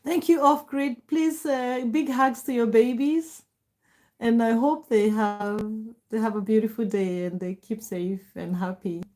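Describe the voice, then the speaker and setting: A middle-aged woman hosting a casual livestream, warmly greeting viewers by name and laughing often. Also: a little high, a little slow. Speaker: livestream host. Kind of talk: casual livestream chat reading comments.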